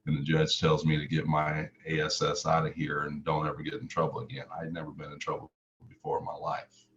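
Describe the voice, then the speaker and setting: A man's voice: extremely low pitch, completely flat delivery, fairly quick, a bit bright, a little hiss or hum. A middle-aged man from Chicago telling a personal story in vivid, emotional present tense. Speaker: motivational speaker. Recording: slightly muffled recording.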